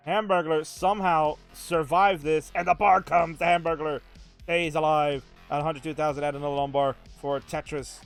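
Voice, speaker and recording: A man hosting and commentating a live game stream, jokey and hyped, jumping to shouts at big moments. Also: fairly high pitch. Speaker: host and commentator. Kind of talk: excited live play-by-play commentary.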